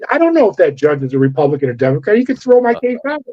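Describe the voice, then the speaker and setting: A middle-aged man, a former corrections officer, telling his story in an interview with animated, profane delivery and acted-out dialogue. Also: on the high side, very fast. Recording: dull lo-fi audio.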